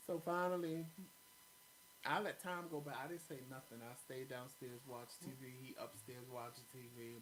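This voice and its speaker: A man's voice: mid-range voice, moderate pace, pauses often, slight background noise, rough recording. A man co-hosting a show, telling a story in a casual, blunt and profane way. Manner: blunt, profane, animated retelling. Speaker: co-host.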